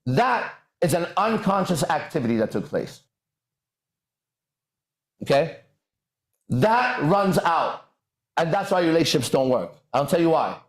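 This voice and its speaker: A man's voice: fairly high pitch, big pitch swings, unhurried, pauses often, echoey room. A man hosting a podcast, delivering a lecture-style monologue and checking in with the listener over and over. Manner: keeps checking in with "right?" and "okay?". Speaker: podcast host.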